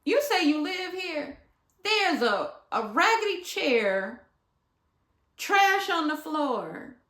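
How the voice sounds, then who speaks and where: A woman from Michigan with a high, bright voice tells a casual storytime at an unhurried pace. She acts out each person she quotes with animated flair and sometimes drops to a near-whisper. The recording has the echo of a bare room. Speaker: vlogger. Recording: echoey room.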